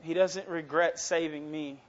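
A man's voice: on the high side, fairly even intonation, unhurried, highs cut off. A young man in his twenties preaching a casual, earnest sermon that swells into passionate emphasis. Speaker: youth preacher.

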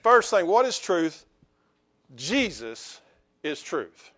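Calling for amens and trading jokes with the congregation, a male pastor delivers an energetic church sermon. His voice is fairly high and slow-paced, and the audio is dull.

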